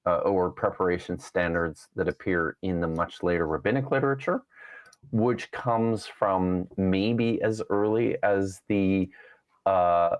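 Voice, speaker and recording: A man, a guest scholar on a live show, explaining in a halting way with many pauses and restarts. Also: low voice, no echo. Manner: halting, full of fillers and restarts while explaining. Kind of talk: casual live-show interview.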